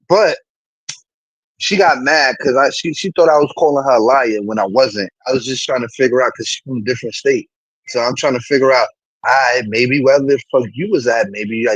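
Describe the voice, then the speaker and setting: A man, chatting casually to a live stream audience in an animated, rambling way, swearing often. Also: fairly high pitch, husky, no room sound, low-quality recording.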